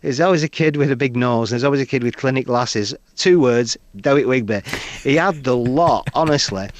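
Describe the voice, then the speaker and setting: Brisk and medium-pitched, a middle-aged comedian with a Northern English accent recounts anecdotes during a radio interview in the studio. He animatedly voices the people he quotes. No echo can be heard.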